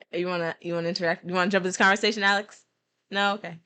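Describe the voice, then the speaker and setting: A woman's voice: fairly low pitch, little pitch movement, fast, bright, forceful tone, smooth. Young woman streamer, casual giggly let's-play chat, self-deprecating asides. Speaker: gaming streamer. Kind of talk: let's play commentary, reading game text.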